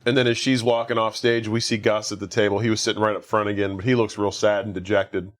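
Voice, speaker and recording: A man's voice: fairly low pitch, flat delivery, fast. A man hosting a podcast, casually retelling a film's plot with lots of fillers and quoted lines. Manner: rambling recap with acted-out quotes and laughs. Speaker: podcast host. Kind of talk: casual movie recap chat.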